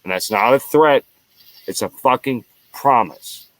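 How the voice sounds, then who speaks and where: A man from the United States, hosting his own show, speaks in a mid-range voice that is animated yet unhurried, with no room sound in the recording. His solo rant is heated and profane, repeating lines over and over.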